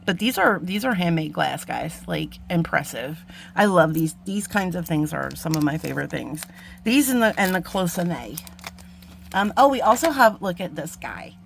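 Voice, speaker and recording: A woman's voice: on the low side, sing-song, normal speed, creaky, a little hiss or hum. Chatty woman gushing over beads. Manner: gushing, chatty, with frequent ums and gasps. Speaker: jewelry-making channel host. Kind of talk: casual unboxing chat.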